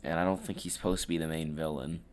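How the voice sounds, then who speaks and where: A man's voice: rumbling low, fairly even intonation, quick pace, a little mellow. A young man co-hosting a podcast, tossing in dry wisecracks while chatting casually about a movie. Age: young adult. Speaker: podcast co-host.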